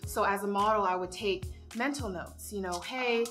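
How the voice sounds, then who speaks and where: A chatty woman, a fashion designer, describes her work in a relaxed interview. Her voice sits at a middle pitch, and music plays clearly behind her. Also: moderate pace. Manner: chatty, uses "you know" a lot. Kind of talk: casual interview.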